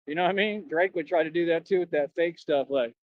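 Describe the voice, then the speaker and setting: This is a rambling livestream rant from a young former bouncer, who brags and picks fights with slangy talk. He speaks fast in a slightly high voice, captured in dull, dry, lo-fi stream audio.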